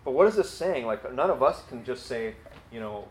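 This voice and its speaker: A man's voice: medium pitch, lively intonation, moderate pace, roomy sound, slight background noise. A man preaching a conversational sermon, acting out dialogue and using frequent fillers. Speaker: pastor.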